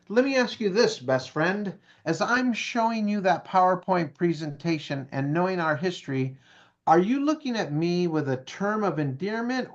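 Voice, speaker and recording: A man's voice: a little high, lo-fi sound. A man being interviewed who tells a story with energy, acts out the dialogue and keeps asking "right?" and "okay?". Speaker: guest speaker.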